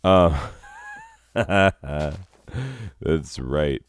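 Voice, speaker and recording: A man's voice: a bass voice, lively intonation, very slow, slight background noise. A man hosting a casual vlog outdoors in a forest, rambling with jokey, sarcastic asides. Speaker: host.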